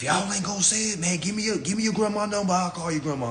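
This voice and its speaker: A man ranting in on a phone livestream, swearing and swinging between shouting and low muttering. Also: lively intonation, a little fast, hardly any pauses, a little hiss or hum. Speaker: social media lecturer. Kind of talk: ranting Instagram live talk.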